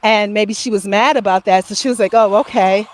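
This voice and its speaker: A woman's voice: medium pitch, a little fast, no echo. A woman vlogging casually, telling a rambling story and laughing often as she talks.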